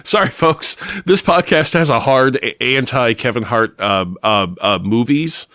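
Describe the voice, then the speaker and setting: A man's voice: medium pitch, a little slow, sharp tone, no echo, studio quality. Jokey man hosting a comic podcast. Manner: jokey, playful asides. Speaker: podcast co-host. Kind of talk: casual comic book podcast chat.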